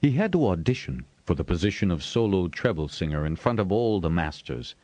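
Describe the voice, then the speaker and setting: Deep-voiced male audiobook narrator. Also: sing-song, a little mellow, no room sound. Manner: measured storytelling, shifting pitch for voices. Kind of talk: scripted narration.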